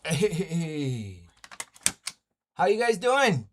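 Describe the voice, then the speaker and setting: A man's voice: fairly high pitch, big pitch swings, drawn-out words, a little hiss or hum. A man on a casual live stream, trash-talking in a brash, profane way and laughing often. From Indigenous North America. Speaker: livestreamer. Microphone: streaming mic at home.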